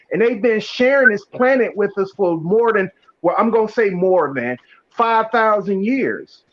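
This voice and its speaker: Deliberate male talker with a high voice and a dull, lo-fi sound; repeats his points in casual podcast chat. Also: a bit bright.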